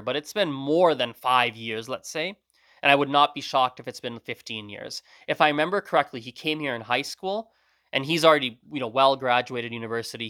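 A man's voice: a little high, pushed and bright, dry recording, clean studio sound. A man hosting a language learning podcast, talking casually in a rambling, self-correcting way. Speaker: podcast host. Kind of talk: casual solo monologue.

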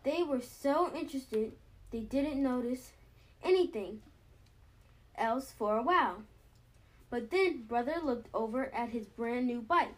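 A woman reading a children's storybook aloud, steady with small slips and restarts. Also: a little high, unhurried, pauses often. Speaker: storybook reader. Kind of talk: children's book read-aloud.

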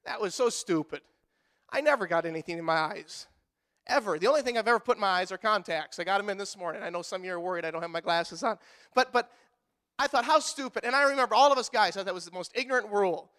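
A man pastor preaching a sermon in a church, animated and joking with the congregation, acting out quotes in other voices. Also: sits high, quick pace, smooth.

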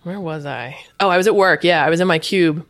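A woman in her thirties, talking as a guest in a casual interview, chatty and animated, with lots of "like". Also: on the low side, brisk. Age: 30s. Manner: chatty, says "like" often, animated retelling. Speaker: guest, UX designer.

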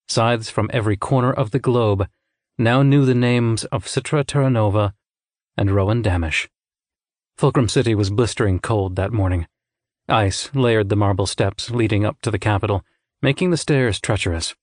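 This audiobook narrator is a man whose voice sits on the low side. He reads the scripted story in a steady, measured way, captured dry and at studio quality.

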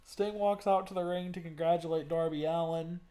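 A young man co-hosting a podcast in casual chat, excited and profane, stumbling and repeating his words as he talks. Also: on the high side, a little fast. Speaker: podcast co-host.

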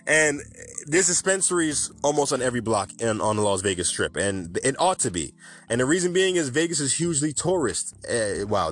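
A man's voice: mid-range voice, fairly bright tone. Rambling, chatty male podcast host. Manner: rambling, self-correcting, chatty. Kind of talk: unscripted cannabis news podcast.

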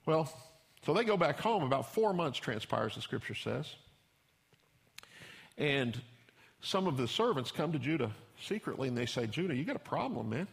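A man's voice: mid-range voice, lively intonation, normal speed, gravelly, long pauses. A man pastor preaching a sermon in a folksy storytelling way, acting out the characters he describes.

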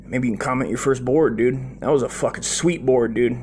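A man's voice: medium pitch, brisk, darkish tone, a little hiss or hum. A man in his forties casually telling a long childhood story, profane and loose, with lots of "dude" and "right?".

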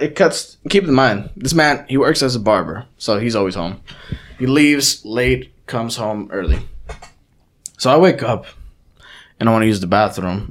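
A young man co-hosting a podcast, telling casual, profane stories and acting out the quotes. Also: on the low side. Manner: profane, animated storyteller who acts out quotes. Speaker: podcast co-host. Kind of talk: casual storytelling.

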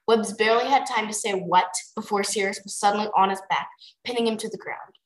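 A woman's voice: mid-range voice, fairly quick, roomy sound, rough recording. A young woman co-hosting a book club podcast, chatting casually and reading passages aloud. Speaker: podcast co-host.

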